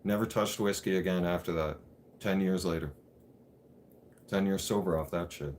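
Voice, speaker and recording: Deep-voiced man telling his story. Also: moderate pace, a little mellow, a little hiss or hum. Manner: candid, swears freely, repeats "I'm like". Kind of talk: casual personal storytelling.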